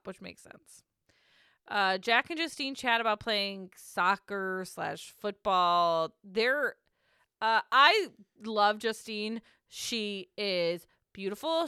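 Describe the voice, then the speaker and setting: Woman podcast co-host, bright and crisp, blunt and chatty recap delivery. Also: medium pitch, no echo, studio quality. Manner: chatty, laughs often, blunt. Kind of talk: casual recap chat.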